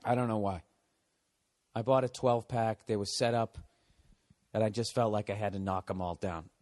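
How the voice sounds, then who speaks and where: A man's voice: on the low side, steady tone, moderate pace, a little mellow. Brief: a male comedy podcast host, profane and sarcastic, ranting through a story.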